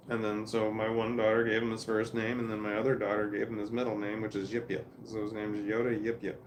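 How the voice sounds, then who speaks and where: A man's voice: mid-range voice, steady tone, fairly quick, a little mellow, slight background noise. A man telling a rambling family story in a casual, profane monologue, restarting his sentences often.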